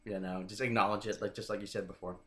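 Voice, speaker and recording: A man's voice: lowish voice, steady tone, fast talker, a bit bright. Chatty man in an echoey room. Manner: chatty, keeps checking in with "right?". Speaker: dating coach guest. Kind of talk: casual interview talk. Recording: roomy echoing room.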